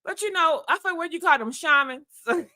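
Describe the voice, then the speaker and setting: A woman's voice: extremely high pitch, expressive, fairly quick, pushed and bright. A woman hosting a podcast, telling dating stories in a sassy, frank, casual way, often calling listeners girl and honey and laughing. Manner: swears freely. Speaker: podcast host. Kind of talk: casual storytelling chat.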